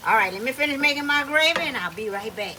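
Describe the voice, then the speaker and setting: A woman's voice: high voice, expressive, fast, pushed and bright, a little hiss or hum, poor audio. A woman with a Louisiana Cajun accent hosting a casual home cooking vlog, chatty and folksy, always telling viewers to look. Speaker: cooking channel host. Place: home kitchen.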